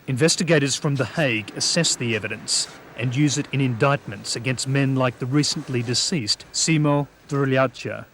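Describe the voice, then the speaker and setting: A man reading scripted documentary narration in a measured, even way. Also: medium pitch, a little hiss or hum.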